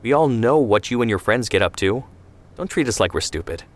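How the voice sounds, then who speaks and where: A man reading the lines of a sharp-tongued young woman who speaks bluntly and mockingly in an audio story. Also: lowish voice, expressive, fairly quick, lightly acted. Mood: scornful.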